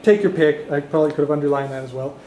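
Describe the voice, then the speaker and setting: This man teaches a beginner language class, setting out each point step by step and modelling phrases slowly for repetition. His voice sits fairly high. The recording is roomy and echoey, as in a classroom. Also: a crowd in the background. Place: community classroom in a heritage house.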